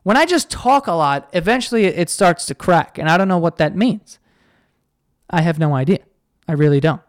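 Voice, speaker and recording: A rambling young male podcast host does a casual solo chat that includes an ad read, sounding self-deprecating as his voice cracks. His voice is a little high with lively intonation at normal speed. The recording is clean studio sound with no room sound.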